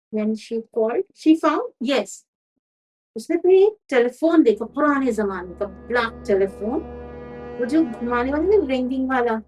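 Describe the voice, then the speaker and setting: A woman with an Indian accent improvises a story in a casual, chatty way. Her voice sits fairly high. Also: low-quality recording. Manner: casual, mixing in Hindi.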